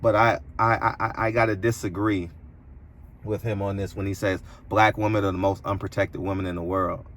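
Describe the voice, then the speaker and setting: A man's voice: level tone, moderate pace, fairly bright tone, a little hiss or hum. Preachy, emphatic man commentator. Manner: preachy and emphatic, voice swinging high when indignant. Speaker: boxing commentator and interviewer. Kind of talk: opinionated commentary monologue.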